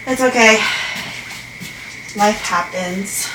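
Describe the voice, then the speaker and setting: A woman's voice: mid-range voice, slow, recorded from a distance. A woman chatting casually while tending her houseplants, exclaiming and teasing herself as she works. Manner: chatty, self-deprecating, exclaims often. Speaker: plant vlogger. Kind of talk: casual chat while doing chores. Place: indoor room with plants. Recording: echoey room with clear noise.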